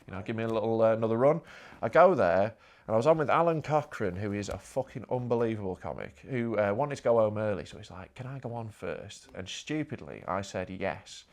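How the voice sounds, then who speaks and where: A man's voice: fairly low pitch, animated, fairly quick, a little mellow. A man, a stand-up comedian telling a story on a casual podcast, swearing a lot and laughing through his punchlines.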